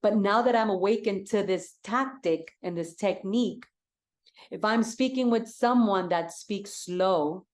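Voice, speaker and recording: An energetic woman coaching an audience with a direct, emphatic delivery. She sits at a mid pitch for a woman and hammers her key points home by saying them twice. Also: unhurried. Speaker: real estate coach. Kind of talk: coaching talk.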